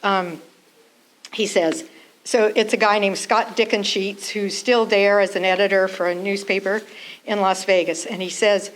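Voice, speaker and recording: A woman's voice: mid-range voice, fairly even intonation, normal speed, low-quality recording. A woman artist speaking to a gallery crowd, a little out of breath and nervous, reading from an old review of her work. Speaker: featured artist giving a talk. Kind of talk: reading aloud and talking about her work. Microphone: handheld mic held by someone else.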